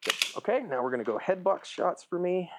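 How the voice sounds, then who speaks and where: A man with a slightly higher-pitched voice gives casual firearms instruction at a shooting range. He keeps it informal and often tacks a quick "right?" or "okay?" onto the end of his points. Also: lively intonation, background noise.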